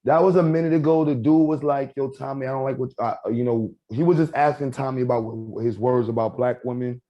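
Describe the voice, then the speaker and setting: A man's voice: mid-range voice, brisk, dull audio. A man telling stories in a casual podcast chat, acting out what people said. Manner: storytelling, animated, acts out quotes.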